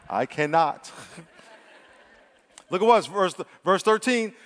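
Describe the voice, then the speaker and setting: Preacher, male, fairly high voice, energetic and swinging from loud to hushed, church hall reverb. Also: takes it slowly. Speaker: pastor. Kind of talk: sermon.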